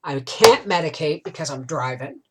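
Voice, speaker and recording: A woman's voice: low voice, animated, normal speed, noisy background. Rambling middle-aged woman telling a story. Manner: rambling, emotional, confiding; tag questions like "right?". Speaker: homestead vlogger. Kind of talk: casual storytelling chat.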